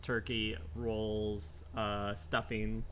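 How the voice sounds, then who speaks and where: A man in a casual live-stream chat, halting and heavy on fillers. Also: lowish voice, flat delivery, a little hiss or hum. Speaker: podcast co-host.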